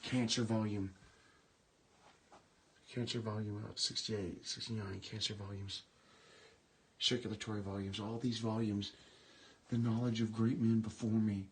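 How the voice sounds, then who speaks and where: A man exploring an abandoned medical building and talking live to viewers on his phone, musing in a hushed, awed way as he reads book titles aloud. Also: on the low side, level tone, normal speed, long pauses, low-quality recording. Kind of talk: rambling live-stream chat.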